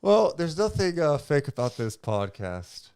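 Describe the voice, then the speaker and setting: A man's voice: on the high side, sing-song, measured pace, darkish tone, smooth. A man co-hosting a sports podcast, talking in a playful, teasing way. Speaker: podcast co-host. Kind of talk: casual chat.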